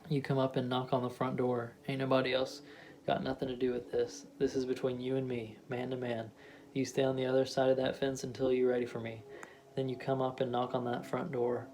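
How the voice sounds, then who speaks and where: A man voicing a stubborn, defiant middle-aged husband who talks gruffly in clipped dialect. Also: mid-range voice, completely flat delivery, a little fast, darkish tone, slight background noise, lightly acted.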